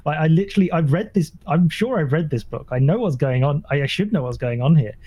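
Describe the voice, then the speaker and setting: Man, higher-pitched and mellow voice, easygoing chat, laughs often. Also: animated, husky, lo-fi sound. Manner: laughing, self-deprecating, halting restarts. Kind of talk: casual chat.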